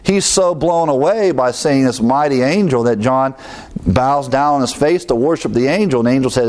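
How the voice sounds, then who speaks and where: A man's voice: medium pitch, moderate pace, darkish tone. Chatty man teaching a sermon. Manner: conversational, with fillers and asides, chuckles at own remarks. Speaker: pastor.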